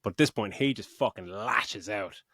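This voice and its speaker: A middle-aged man on a podcast talks about a film with lively, sweary enthusiasm and bursts into acted-out quotes. His voice sits fairly low. The sound is dry and close to the mic. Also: normal speed, gravelly, slightly rough, no echo. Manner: animated, sweary, acts out quotes. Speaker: podcast co-host. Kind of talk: casual film chat.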